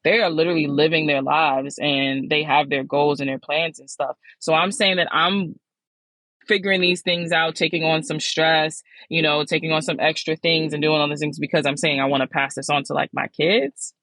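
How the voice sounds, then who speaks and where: A woman in her forties hosting a solo podcast, talking candidly and casually, swearing freely, her voice jumping up in pitch when she gets animated. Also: normal speed, no echo, rough recording. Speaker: podcast host.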